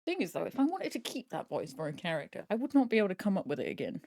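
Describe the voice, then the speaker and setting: A woman's voice: medium pitch, huge pitch swings, racing, vocal fry, darkish tone, dry recording, clean studio sound. A woman streamer chatting casually to herself while she sews, in a self-talking way with mild swearing. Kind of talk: casual chat while sewing on a live stream.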